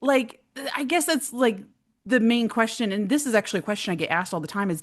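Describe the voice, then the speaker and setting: A woman guest on a podcast, chatty and animated as she tells stories. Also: mid-range voice, moderate pace. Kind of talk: casual interview.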